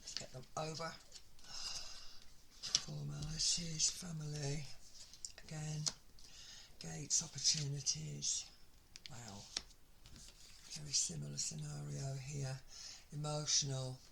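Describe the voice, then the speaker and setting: Chatty woman reading tarot over loud noise. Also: sits low, flat delivery, slow pace, gravelly, long pauses. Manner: chatty, talks to herself while laying out cards. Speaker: tarot reader. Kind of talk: casual tarot reading to camera. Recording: loud background noise with card shuffling.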